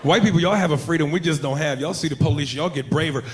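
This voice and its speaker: Male stand-up, a little high, loud and brash. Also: quick pace, hardly any pauses, background noise. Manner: loud, brash, profane, animated storytelling. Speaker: stand-up comedian. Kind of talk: stand-up comedy set.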